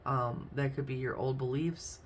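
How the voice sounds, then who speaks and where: A woman's voice: very deep voice, steady tone, normal speed, a little hiss or hum. Chatty woman reading tarot cards. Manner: chatty, thinks aloud while naming cards. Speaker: tarot reader. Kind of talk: casual tarot card reading.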